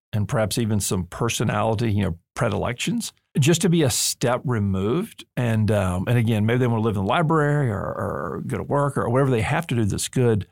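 A man's voice: on the low side, gravelly, no room sound. A man hosting a podcast in a studio, talking in an emphatic, earnest way with touches of humor. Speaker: podcast host and seminary leader. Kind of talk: conversational podcast discussion.

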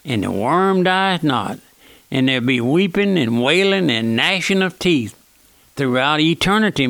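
Bright-voiced folksy man preaching. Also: on the high side, vocal fry, no echo. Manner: earnest, keeps calling out "my friend", slows down to read scripture; folksy, plain-spoken. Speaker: pastor and radio preacher. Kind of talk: sermon. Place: church auditorium.

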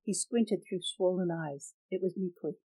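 Woman reading a story, low dry voice. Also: measured pace, dark tone, breathy edge, dry recording, poor audio. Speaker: narrator. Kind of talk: audiobook reading.

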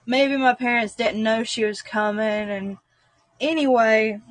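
A woman's voice: a little high, a little slow, no echo. A woman, a guest earnestly recounting a personal story, rambling with frequent fillers. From North Carolina, US.

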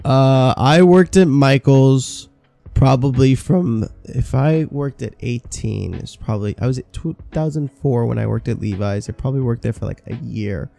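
A man's voice: mid-range voice, moderate pace, gravelly, mellow, faint music behind. A man in his thirties, a podcast co-host, telling stories about old jobs in casual chat, swearing freely. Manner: swearing, storytelling with quoted asides.

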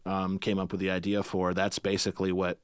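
A man's voice: deep voice, completely flat delivery, fairly quick, smooth, no room sound, clean studio sound. A man chatting casually as a podcast guest, loose and joking, laughing often and slipping into impression voices.

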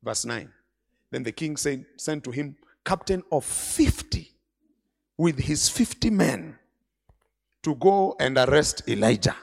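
A man preaching a sermon at a conference, retelling scripture and stories with dramatic swings from quiet to shouting. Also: fairly high pitch, lively intonation, slow pace, gravelly. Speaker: bishop preaching. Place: large conference hall.

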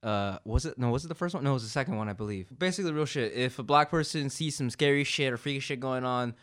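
A man co-hosting a casual podcast, telling stories in an animated, profane way. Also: mid-range voice, fast talker. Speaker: podcast co-host.

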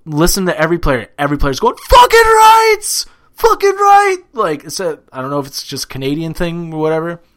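A young man chatting casually about sports as a podcast co-host, animated and swearing freely, with plenty of fillers. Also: a little high, fast, few pauses.

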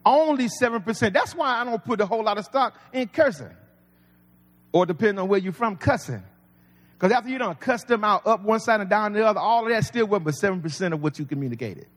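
A man's voice: high voice, animated, quick pace, a bit bright. A man preaching a sermon as pastor, folksy and conversational with humor. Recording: long reverb of a large hall.

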